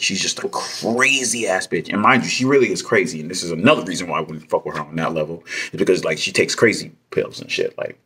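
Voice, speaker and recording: A truck driver telling a story in a casual vlog, ranting with heated, profane language. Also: male voice, low-pitched, bright, forceful tone, husky.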